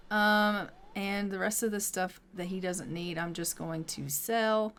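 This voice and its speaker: Unhurried woman chatting through a game. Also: medium pitch, fairly bright tone, a little hiss or hum. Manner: chatty, talks to her characters and voices their lines; frequent ums and drawn-out phrasing. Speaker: gameplay commentator. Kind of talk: casual game commentary.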